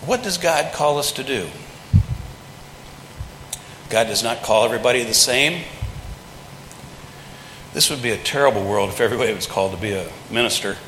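A pastor preaches from the pulpit of a large church sanctuary, his medium-pitched voice expressive, bright and forceful. He speaks at a moderate pace with frequent pauses, folksy and conversational, acting out quotes in plain everyday speech. The echoey hall gives a long reverb, with a little hiss or hum underneath.

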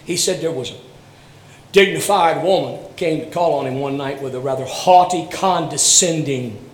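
A man preaching a sermon, swinging between loud proclamations and hushed, slow storytelling. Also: on the high side, roomy sound, rough recording. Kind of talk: sermon on a broadcast program.

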